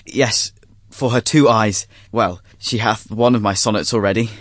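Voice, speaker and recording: A man's voice: on the low side, fairly even intonation, moderate pace, no room sound, clean studio sound, close to an everyday voice. An actor playing a witty, lovesick young nobleman who mocks his friends. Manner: wry, mocking. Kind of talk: stage acting in verse.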